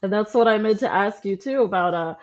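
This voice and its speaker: A woman's voice: mid-range voice, fairly quick. A woman co-hosting a casual interview over a video call, asking the guest friendly questions. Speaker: co-host. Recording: dull, muffled call audio.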